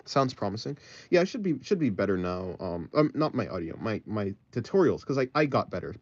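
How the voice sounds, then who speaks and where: An art livestreamer draws while casually chatting with his viewers, rambling and thinking aloud into a phone mic. His voice sits fairly low with big swings in pitch, and he talks briskly. The audio is slightly dull, with faint music behind him.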